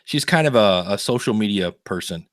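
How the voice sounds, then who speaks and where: A man's voice: fairly low pitch, lively intonation, a little fast, dry recording. Chatty man on a dry podcast mic. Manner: chatty storyteller, laughs often, many fillers. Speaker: podcast co-host. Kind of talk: casual podcast chat.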